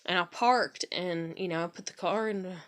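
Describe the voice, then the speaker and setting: A woman's voice: lowish voice, normal speed, a bit bright. A woman, rambling through a personal story in a candid vlog and swearing casually. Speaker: vlogger.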